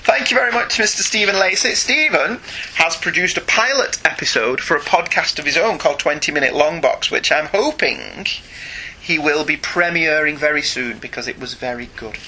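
A man's voice: a little high, lively intonation, normal speed, pushed and bright, breathy edge. A man co-hosting a casual podcast, chatting and reading listener emails aloud. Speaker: podcast co-host. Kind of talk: casual chat.

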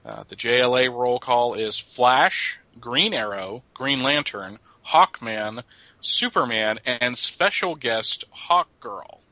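A man's voice: medium pitch, lively intonation, slow, pushed and bright, dry recording, rough recording. A middle-aged man co-hosting a podcast, chatting casually about comics and joking as he reads. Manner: joking, laughs at his own lines. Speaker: podcast co-host.

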